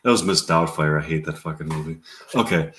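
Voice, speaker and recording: A man's voice: a bass voice, a little fast, fairly bright tone, slight background noise. A man rambling and swearing to himself while working through a solo movie-scene game. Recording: roomy echo.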